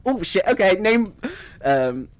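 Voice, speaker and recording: A man's voice: high voice, very animated, slow, no echo. Man telling a rambling story. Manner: rambling, swears freely, laughs at his own story. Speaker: streamer. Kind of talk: casual storytelling.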